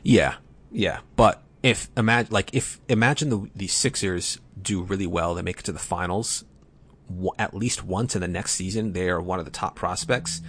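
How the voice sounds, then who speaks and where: A low-voiced man in his late twenties talks sports with his co-host on a podcast. He explains the details carefully but stumbles and restarts his sentences often. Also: normal speed, a bit bright, a little hiss or hum. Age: late 20s. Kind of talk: casual chat.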